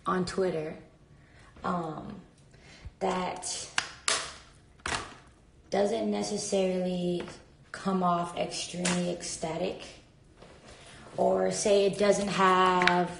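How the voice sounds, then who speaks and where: A woman's voice: lowish voice, steady tone, slow, creaky, long pauses, noisy background. A woman chatting casually on a phone live stream from a hotel room, rambling with lots of "like" fillers while she packs a bag. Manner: talks while packing a bag.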